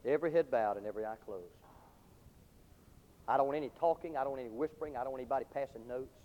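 A man preaching a sermon to a large crowd, telling a story with passion and dropping from shouts to hushed tones. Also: medium pitch, rapid-fire. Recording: dull lo-fi recording with long hall reverb.

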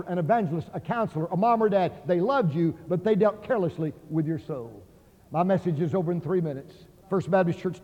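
An impassioned evangelist, a man with a high voice, preaching a revival sermon. He acts out the voices in his stories and climbs toward near shouts. The sound is dull and washed in the long reverb of a large auditorium. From Oklahoma.

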